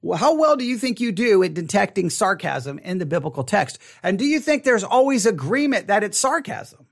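With a high male voice full of big pitch swings and vocal fry, this pastor teaches an online Bible study at normal speed. He keeps it conversational, asks the audience questions, and often restarts and repeats words.

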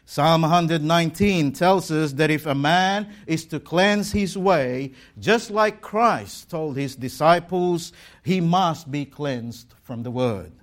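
A man preaching a Sunday sermon to his congregation and online viewers, stressing words and drawing out line ends. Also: fairly high pitch. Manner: slow, emphatic preaching with drawn-out words and dropping line ends. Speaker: pastor. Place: church service streamed online.

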